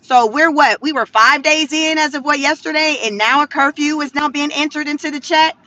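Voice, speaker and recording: A woman with a high, bright voice talks straight to her viewers from inside a car. Her commentary is sassy and animated, and she laughs often between points. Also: fairly quick, no echo. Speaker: vlogger commenting on the news. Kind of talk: casual commentary vlog.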